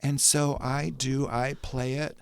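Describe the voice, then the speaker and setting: A man's voice: medium pitch, level tone, slow, gravelly. A man from New York telling a story in casual conversation. His telling rambles, is self-mocking and is full of "like". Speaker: guest storyteller.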